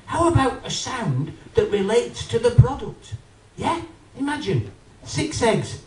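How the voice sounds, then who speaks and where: A man doing an animated stand-up routine, talking straight to a live audience. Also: extremely high pitch, unhurried, noisy background. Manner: animated, addresses the audience, acts out voices. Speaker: stand-up comedian. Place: live comedy venue with audience. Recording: roomy live venue, mic from a distance.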